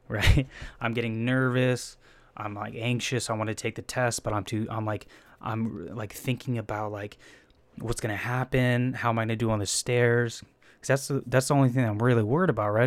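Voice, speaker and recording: A man's voice: mid-range voice, no room sound. A young man from the Bay Area telling a story in a casual, rambling way, swearing often, laughing at himself and acting out his own panicked thoughts. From San Francisco Bay Area.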